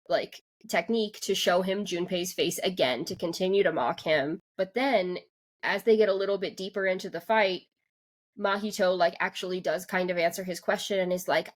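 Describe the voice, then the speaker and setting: A woman co-hosting a podcast, talking through an anime episode in casual chat with lots of "like" fillers and restarts. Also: on the low side. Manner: rambling, full of "like" fillers and restarts. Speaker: podcast co-host.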